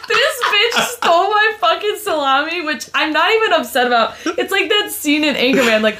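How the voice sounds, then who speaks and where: A young woman hosting a podcast in casual chat, telling animated stories with swearing and frequent laughter. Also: high voice, a little slow. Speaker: podcast host.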